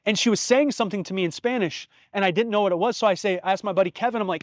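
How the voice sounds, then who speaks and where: Rapid-fire and with few pauses, a thirtysomething man with a fairly high voice delivers a reflective monologue on his own podcast. He shares stories sincerely, heartfelt and peppered with casual curses, recorded dry and close without any room echo.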